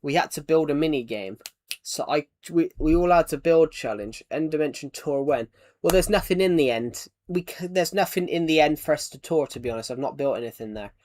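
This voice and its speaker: A man's voice: a little high, lively intonation, brisk, darkish tone. A man with an English accent chatting casually on a gaming live stream, often repeating and restarting his phrases while he answers chat.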